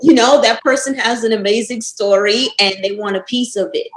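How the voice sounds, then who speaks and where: A woman guest on a casual podcast interview, telling stories lively and laughing often. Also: a little high, fairly quick, roomy sound, poor audio.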